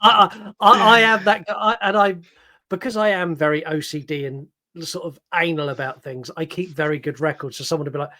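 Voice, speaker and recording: A man co-hosting a casual film podcast. He is animated and self-mocking, and he often stumbles and repeats words as he starts a sentence. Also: on the high side, fairly quick. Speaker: podcast co-host. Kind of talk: casual film review chat.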